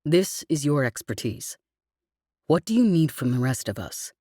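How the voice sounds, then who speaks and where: A woman reading the part of a quiet, reserved male crewman in an audiobook, measured and soft. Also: sits low, sing-song, breathy edge, no room sound, clean studio sound, heavily acted.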